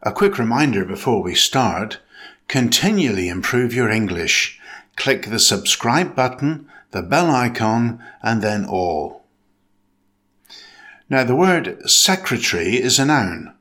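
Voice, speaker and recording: Man, English pronunciation tutor, scripted narration, slow pace, bright tone. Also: mid-range voice, very animated. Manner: slow, measured, deliberate delivery.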